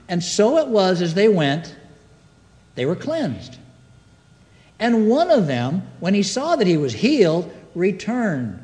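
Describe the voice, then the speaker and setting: A man's voice: high voice, darkish tone, big-room sound. A man preaching a sermon to a congregation, reading scripture and asking the room call-and-response questions. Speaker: pastor. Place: church sanctuary.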